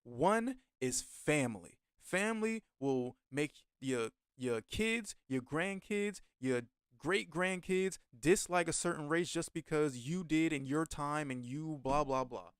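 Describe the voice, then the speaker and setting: Slow, smooth-voiced man reacting. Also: fairly high pitch, lively intonation, no room sound, studio quality. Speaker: host reacting to a video. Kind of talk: casual reaction commentary.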